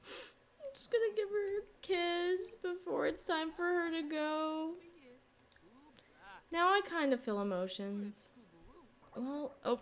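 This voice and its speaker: A young woman giving casual let's play commentary on a life-sim game, reacting excitedly and dramatically to what happens on screen. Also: very high voice, slow, pauses often. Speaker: gaming YouTuber.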